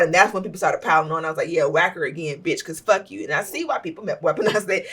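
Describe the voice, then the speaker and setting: A woman co-hosting a podcast, telling stories in a blunt, profane, animated way. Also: mid-range voice, husky, recorded from a distance. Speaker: podcast co-host. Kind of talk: casual chat.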